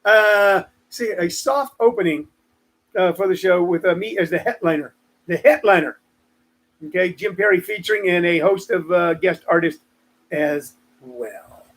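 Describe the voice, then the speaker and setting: High-voiced joking man in his sixties. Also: unhurried, a bit bright. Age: 60s. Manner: rambling, joking asides to chat viewers. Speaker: comedian hosting a live show. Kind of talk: casual live-stream monologue.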